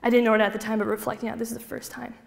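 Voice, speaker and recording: A young woman giving a personal faith testimony to a group, telling her story with lively acted-out dialogue. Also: on the high side, rapid-fire, creaky. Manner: animated storytelling, acting out quoted dialogue. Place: hall with a group. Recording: long reverb of a hall.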